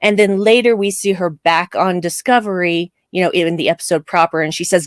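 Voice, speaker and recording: A woman's voice: on the low side, a little fast, dry recording. Opinionated woman host, dry close sound. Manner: opinionated, animated, laughing asides. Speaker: show host. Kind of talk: live discussion chat.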